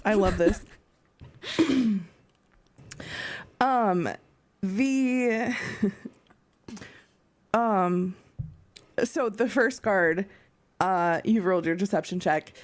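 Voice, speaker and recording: A woman's voice: mid-range voice, drawn-out words, pauses often. A woman running a tabletop game as game master, narrating with frequent laughter and filler words. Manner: laughing, full of ums and likes.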